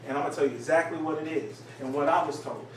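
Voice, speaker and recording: A man's voice: on the high side, fast. Man teaching from across an echoey room. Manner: lively storytelling, plays up voices in quotes. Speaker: teacher leading a group study. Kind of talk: casual group teaching. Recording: echoey room from far off, noisy.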